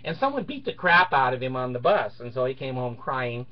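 A man's voice: mid-range voice, sing-song, fairly quick, muffled recording. Middle-aged man telling a crude, laughing story. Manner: laughs through his story, crude and boastful. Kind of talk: casual personal anecdote.

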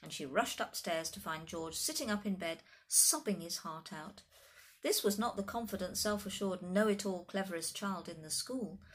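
Expressive woman reading a children's story. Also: fairly low pitch, normal speed.

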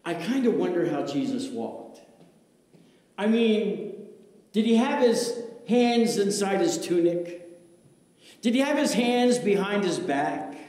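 A man preaching a sermon as pastor, dramatic, swinging from loud exclamations to hushed, intimate lines. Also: sits high. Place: church sanctuary. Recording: echoey church sanctuary with long reverb.

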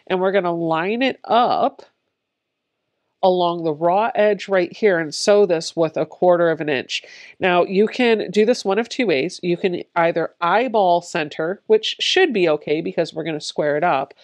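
A woman giving a step-by-step quilting tutorial, explaining each step plainly in a friendly, encouraging way. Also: fairly low pitch. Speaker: quilting instructor.

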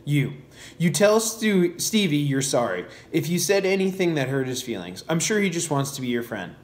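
A man reading aloud, voicing a quiet, withdrawn preacher father in a soft, subdued way. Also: fairly high pitch, sing-song, normal speed.

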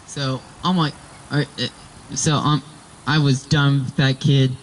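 A fairly high-voiced young man rants casually to camera, exasperated and rambling with plenty of fillers. A faint hum of crickets and outdoor ambience sits behind him. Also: sing-song, slow pace, gravelly, pauses often, bright, forceful tone, rough recording. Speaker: vlogger. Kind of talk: casual ranting vlog.

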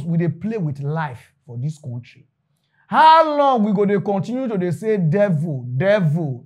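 A man with a Nigerian Pidgin accent giving animated, preachy commentary. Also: fairly high pitch. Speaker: commentary host. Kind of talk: casual commentary.

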